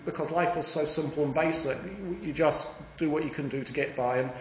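A woman's voice: deep voice, fairly quick, slight background noise, lightly acted. A man voicing a contented peasant wife who speaks in a homely, reassuring way, in an echoey room.

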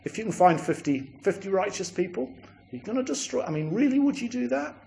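Play as a man a polite old man haggling, hesitant and soft, lifting at the asks. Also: sits high, big pitch swings, fast talker, gravelly, a little hiss or hum, voice pushed up, exaggerated voice. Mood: wheedling.

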